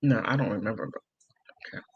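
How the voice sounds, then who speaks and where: This livestream host has a fairly low, slightly rough voice and talks a little fast while casually reading comments from viewers. Giggly and loose, he laughs often and fills his rambling with fillers, and the recording has its highs cut off.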